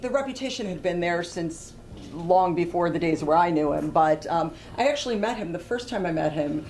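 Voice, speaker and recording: A woman in her fifties from Ohio, a talk show guest recounting stories in a lively way and laughing easily. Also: lowish voice, fairly quick, low-quality recording. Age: 50s. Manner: animated storyteller who laughs easily. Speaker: guest, former news correspondent. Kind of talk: anecdotal storytelling on a talk show.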